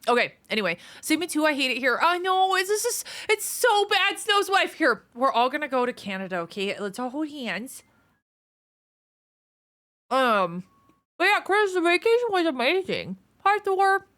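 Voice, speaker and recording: A woman's voice: high voice, sing-song, normal speed, sharp tone. A woman streamer chatting casually with her viewers, a bit out of breath, greeting people by name. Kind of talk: casual chat reading viewer messages.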